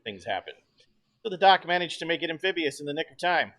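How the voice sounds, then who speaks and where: A man's voice: fairly high pitch, sing-song, quick pace, fairly bright tone. Man narrating a spooky game intro. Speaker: game master. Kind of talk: hosting a tabletop horror game.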